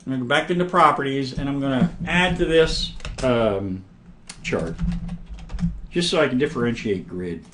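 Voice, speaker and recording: A man giving a casual, step-by-step software demonstration, narrating each click and often clearing his throat. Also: medium pitch, animated, moderate pace, background noise. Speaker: software instructor. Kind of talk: screen-recorded software demonstration.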